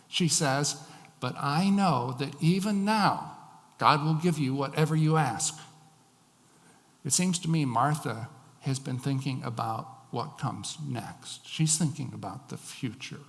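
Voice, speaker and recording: A man's voice: on the high side, gravelly, in a large hall. A male pastor preaching a sermon. He reads scripture aloud, explains it, and acts out the quoted lines with rising emphasis.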